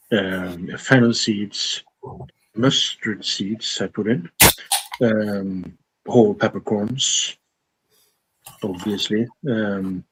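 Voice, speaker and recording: A man with a somewhat low, husky voice talks as a guest on a video call. He speaks hesitantly, pausing often with ums. His delivery is relaxed and unhurried. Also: poor audio. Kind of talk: casual chat.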